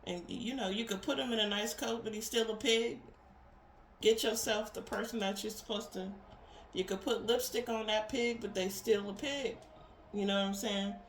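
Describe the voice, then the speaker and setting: A woman's voice: medium pitch, steady tone, normal speed, a little hiss or hum. Blunt, profane woman in an echoey room. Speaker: tarot reader. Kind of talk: casual spiritual pep talk. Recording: roomy echo with faint ambience.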